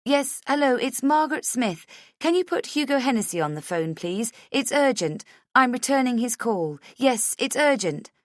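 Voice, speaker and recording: Recorded close and dry, a woman playing a frantic young wife who believes she is hunted pushes her lines high and urgent, pleading and insisting, breaking into shouts. It is an audiobook reading, intimate and tense. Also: animated, measured pace, dry recording.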